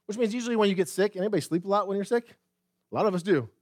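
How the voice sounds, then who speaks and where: A man's voice: high-pitched, rapid-fire, a little mellow, dry recording, studio quality. A man preaching a sermon as pastor, speaking straight to the congregation with rhetorical questions and repeated phrases. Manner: addresses the congregation directly.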